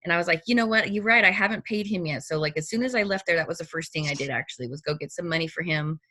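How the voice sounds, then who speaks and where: A middle-aged woman chatting casually, her voice bright and forward and set a touch low. She tells her story in an animated way, and she often slips into quoted reactions as she goes. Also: rapid-fire. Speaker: storyteller in a personal conversation. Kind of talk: casual chat.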